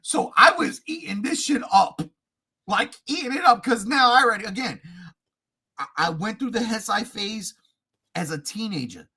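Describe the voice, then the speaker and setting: A man co-hosting a casual podcast, talking as an excitable, swearing movie fan. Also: sits high, moderate pace, husky. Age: adult. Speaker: podcast co-host. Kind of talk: casual chat.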